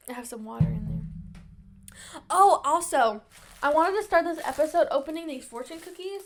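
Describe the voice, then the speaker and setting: A young woman hosting a podcast in casual chat, talking fast and bubbly with lots of "like", a little sniffly. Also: sits high, fairly bright tone. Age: young adult. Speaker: podcast host.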